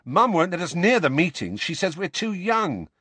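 A man reading the part of a loyal, flustered teenage boy in an audiobook, higher and blustering. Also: sing-song, moderate pace, fairly bright tone, slightly rough, dry recording, full character voice.

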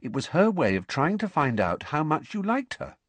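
A man's voice: a little high, very animated, normal speed, dry recording, voice pushed up. A man voicing a clever teenage girl who explains things with a maddeningly patient air. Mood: patiently explaining. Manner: patient, lecturing.

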